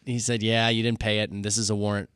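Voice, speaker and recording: Man, podcast co-host, lively storyteller who acts out voices; bright tone, dry studio sound. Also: on the low side, fast talker, clean tone, dry recording. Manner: animated storyteller, acts out quoted voices, laughs often. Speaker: podcast co-host, former pastor. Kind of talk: casual storytelling chat.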